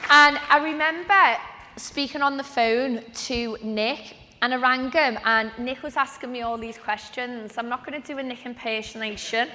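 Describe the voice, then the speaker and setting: Bright high-voiced woman telling her story in a hall. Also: normal speed, a faint crowd, a little hiss or hum. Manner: chatty storytelling, acting out remembered conversations. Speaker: speaker at a training event. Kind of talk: motivational personal story told to an audience. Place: event venue with a live audience. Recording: echoey large event hall.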